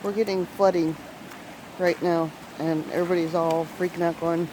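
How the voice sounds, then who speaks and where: A woman's voice: on the low side, fairly even intonation. A woman vlogging outdoors on a flooded farm, chatting to the camera and jokingly grumbling at her animals. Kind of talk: casual vlog narration. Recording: outdoor noise, running creek water. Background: rushing water.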